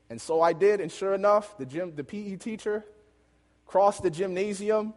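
A male preacher tells a story from the pulpit with lively energy, breaking into laughter along the way. His voice sits a bit higher than most men's, and it rings out into a long, echoing hall. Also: moderate pace. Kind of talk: storytelling sermon.

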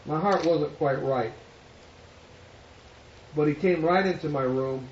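A man's voice: fairly high pitch, slow, a little hiss or hum. A man preaching as a pastor, telling a story and acting out the voices of the people in it. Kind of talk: sermon storytelling. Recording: echoey hall, distant mic, dull sound.

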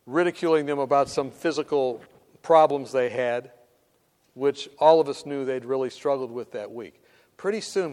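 A man preaches through a story, acting out each voice and sinking into whispers at the quiet moments. His voice sits high for a man. The sound carries a long reverb from a large hall. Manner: animated, acts out voices, drops to whispers. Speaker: speaker telling a story from his hospital work. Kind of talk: sermon storytelling.

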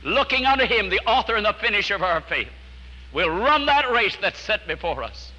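A man preaching a storytelling sermon, earnest, dropping to a hush at key lines. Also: sits high, sing-song, normal speed, big-room sound, rough recording.

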